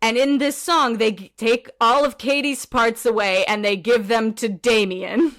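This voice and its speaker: A woman co-hosting a podcast in casual chat, animated and ranty, swearing and laughing often. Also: a little high, unhurried. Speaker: podcast co-host.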